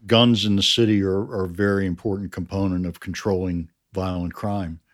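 A man who worked on a crime series answers interview questions in a low, level voice. His explanations are measured and frequently trail off quietly.

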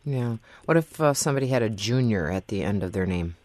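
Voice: mid-range voice, lively intonation, brisk, a little mellow, slight background noise. A radio talk show host reading the call-in number and interviewing a guest. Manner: reads call-in details, then asks questions conversationally.

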